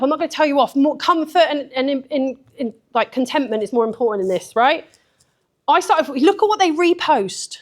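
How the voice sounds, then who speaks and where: Woman giving a live talk, high voice, swears a lot, super chatty. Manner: lively, laughs often. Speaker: speaker at a photography event.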